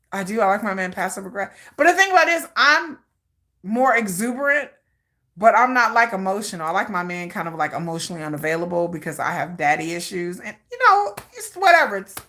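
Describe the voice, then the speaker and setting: A woman hosting a livestream in casual chat, rambling and animated and laughing often. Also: lowish voice. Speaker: livestream host.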